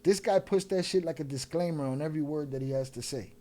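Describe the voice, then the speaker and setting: Male host, heated reaction commentary, mocking and profane, higher pitch. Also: fast, hardly any pauses, warm tone. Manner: profane, mocking, talks back at the clip. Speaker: podcast host reacting to clips.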